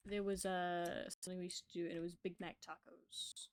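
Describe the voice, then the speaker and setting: A woman's voice: on the low side, little pitch movement, fairly quick, few pauses, smooth. A woman streaming a game, chatting casually and talking to the creatures on screen. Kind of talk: casual gameplay chat.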